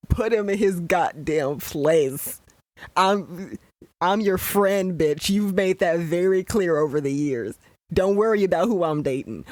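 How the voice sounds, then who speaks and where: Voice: mid-range voice, no room sound. A young adult podcast host giving casual commentary on a show, ranting in a profane, exasperated way.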